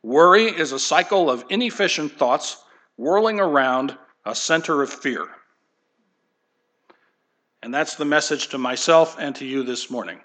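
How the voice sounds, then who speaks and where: A man's voice: on the high side, expressive, measured pace, a bit bright. A man preaching a sermon as pastor, emphatic and asking rhetorical questions.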